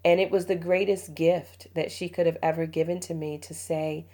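A woman's voice: on the low side, little pitch movement, normal speed, few pauses, mellow. A middle-aged woman hosting a parenting podcast, telling a personal family story in an emotional, confiding way and laughing often. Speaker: podcast host, mother. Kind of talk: heartfelt parenting podcast talk.

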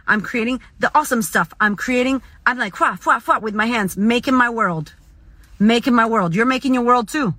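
A woman talks straight into the mic from her car, cursing freely as she gives a motivational monologue. Her voice sits a little high and rings bright and forceful, with a close, dry sound and almost no room around it. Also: dry recording. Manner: blunt, profane, emphatic. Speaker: motivational speaker.

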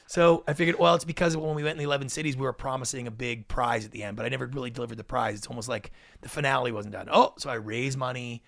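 Gravelly man telling stories. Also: medium pitch, fast talker, hardly any pauses, no echo, clean studio sound. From Canada. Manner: animated, acts out quotes. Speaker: podcast guest. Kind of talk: storytelling interview.

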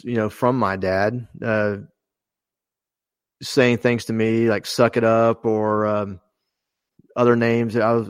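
Earnest low-voiced man, halting. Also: no room sound. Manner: earnest, halting, many ums and restarts. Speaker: podcast co-host, former fighter pilot. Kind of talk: casual podcast conversation.

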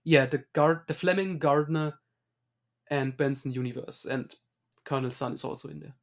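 A man's voice: mid-range voice, normal speed. A man co-hosting a podcast, chatty, with hesitant restarts in a casual film discussion. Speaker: podcast co-host.

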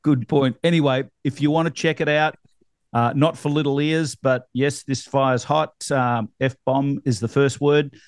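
A man's voice: mid-range voice, steady tone, measured pace, clear, resonant tone, no echo. Australian man, middle-aged, podcast host, rambling casual chat, dry close sound. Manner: rambling, laughs easily, lots of fillers.

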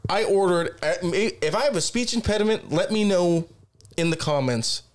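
A man's voice: high-pitched, moderate pace. A man co-hosting a podcast, telling casual stories full of swearing and acting out both sides of each exchange. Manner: animated, swears constantly, acts out exchanges. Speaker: podcast co-host. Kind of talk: casual profane storytelling.

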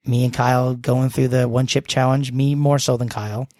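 A man's voice: mid-range voice, flat delivery, moderate pace, darkish tone, no room sound, clean studio sound. A young man co-hosting a podcast, joking and rambling through the show info. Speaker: podcast co-host. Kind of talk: casual chat.

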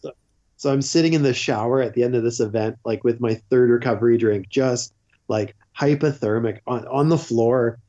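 Man telling lively stories, dull audio. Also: mid-range voice, moderate pace. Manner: lively anecdotes, swears freely. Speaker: podcast guest. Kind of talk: casual storytelling chat.

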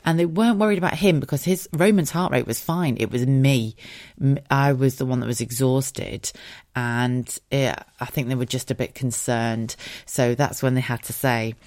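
A woman host frankly telling a personal story in a casual, animated way, with swearing and laughter. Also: a bass voice, normal speed, no echo, clean studio sound. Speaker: podcast host.

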